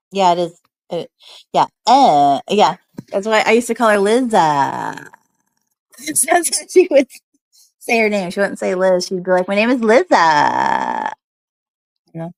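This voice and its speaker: Snowed in at home, a woman streams to her viewers, chatting casually and answering chat messages in a rambling way packed with "like" and "um." Her voice is fairly low, gravelly and a little mellow, captured in a dry, rough recording.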